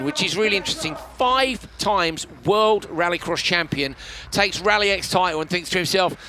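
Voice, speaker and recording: A male rallycross commentator, hoarse and tired, chatting warmly and emotionally on a live broadcast. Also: sits high, fairly quick, hardly any pauses, a little hiss or hum. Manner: chatty, emotional, laughs often. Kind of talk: casual live broadcast chat.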